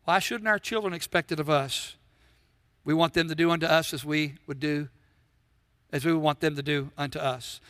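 A middle-aged man delivers a sermon in an earnest, repeating cadence. His voice sits high and sounds bright and forward. The recording is dry, with almost no room sound. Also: fairly even intonation, normal speed, no echo. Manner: earnest, repetitive preaching with rhetorical questions. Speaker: pastor.

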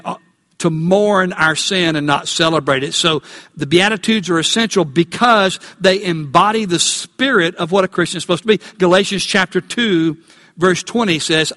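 A man preaching a Sunday sermon as pastor, asking the congregation questions and slowing down to stress key words. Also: high-pitched, bright, forceful tone, in a large hall. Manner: call-and-response questions to congregation. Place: church.

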